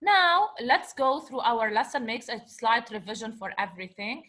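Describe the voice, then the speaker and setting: A woman's voice: on the high side, sing-song, moderate pace, a bit bright. A woman teaching an Arabic revision lesson, patiently sounding out words syllable by syllable. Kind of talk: revision lecture.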